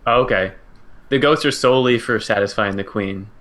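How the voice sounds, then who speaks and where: A man's voice: mid-range voice, fairly quick, fairly bright tone. A man playing a tabletop game, joking and playing along in character. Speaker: player. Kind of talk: casual tabletop role-play.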